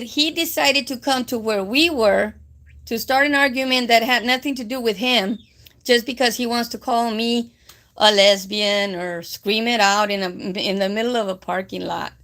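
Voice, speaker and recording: A woman's voice: fairly high pitch, normal speed, fairly bright tone. A woman, chatting casually on a live stream in a rambling way full of fillers and with Spanish phrases mixed in. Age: 50s. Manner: mixes Spanish phrases into English.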